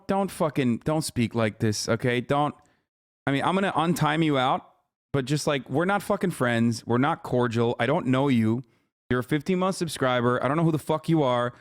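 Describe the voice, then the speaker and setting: A man's voice: medium pitch, dry recording, clean studio sound. A man in his thirties streaming live, ranting and mocking his chat with lots of profanity, combative and sarcastic. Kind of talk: live stream reaction rant.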